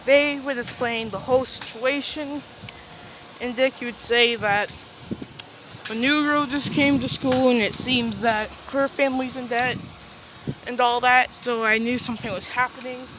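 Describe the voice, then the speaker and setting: Slow, rambling woman telling a fan story. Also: on the high side, fairly even intonation, noisy background. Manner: rambling, keeps adding "and all that". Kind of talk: improvised fan-fiction storytelling.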